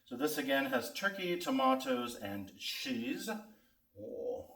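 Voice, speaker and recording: A man's voice: mid-range voice, lively intonation, takes it slowly, a bit bright. A man hosting a casual snack taste-test vlog, chatting to his viewers as he eats. He often talks with his mouth full. His voice sounds roomy and a little distant, with plenty of echo around it. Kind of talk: casual food review vlog. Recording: echoey room, mic at a distance.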